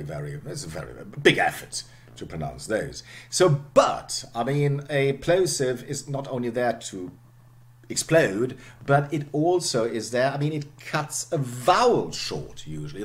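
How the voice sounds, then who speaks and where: A middle-aged man giving a university lecture, explaining patiently and dotting his talk with "okay" and "um". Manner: explanatory, frequent "okay" and "um", voice drops low at phrase ends.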